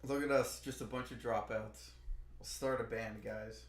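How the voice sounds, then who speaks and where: A man chatting casually on a stream, teasing his friend with quick questions. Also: medium pitch, fairly even intonation, roomy sound. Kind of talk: casual chat.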